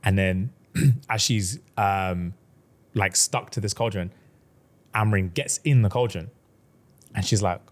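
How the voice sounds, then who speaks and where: A man's voice: on the low side, slow, pauses often. A man co-hosting a podcast, telling a fantasy plot in casual chat and acting out the characters' lines with heavy slang. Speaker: podcast co-host.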